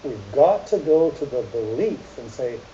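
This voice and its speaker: Presenter: middle-aged man, lively delivery, dark mellow tone, muffled echoey hall recording with hiss. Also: mid-range voice, unhurried. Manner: animated, jokey, addresses audience directly. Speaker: speaker giving a talk. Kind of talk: storytelling presentation to an audience.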